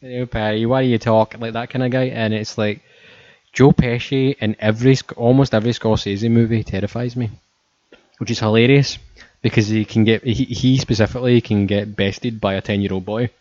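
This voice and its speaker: A man rambles through a casual chat, joking and swearing freely. His voice sits low and sounds close and dry. The recording is muffled and lo-fi. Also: fairly even intonation, moderate pace, a little mellow, dry recording.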